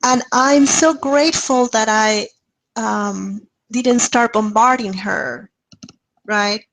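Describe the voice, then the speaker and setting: A woman presenting on a video call webinar, telling a story in a casual, lively way and acting out the dialogue. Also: takes it slowly, dry recording, rough recording. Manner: lively, acts out dialogue with rising pitch and laughs.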